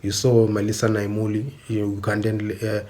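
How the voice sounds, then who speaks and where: A man's voice: lowish voice, monotone, moderate pace, darkish tone. A man giving an insistent opinionated monologue, often checking that the listener understands. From South Africa. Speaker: commentator.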